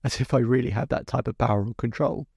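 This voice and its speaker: A man's voice: mid-range voice, fast, gravelly, darkish tone, breathy edge, dry recording. A middle-aged man hosting a podcast as a hypnotherapist, recounting a client session step by step and then explaining the method. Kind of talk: storytelling monologue.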